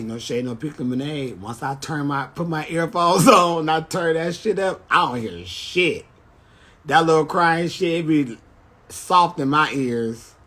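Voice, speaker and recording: A man's voice: a little high, sharp tone. A man chatting casually on a phone livestream, telling brash, profane stories. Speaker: drag performer on a livestream.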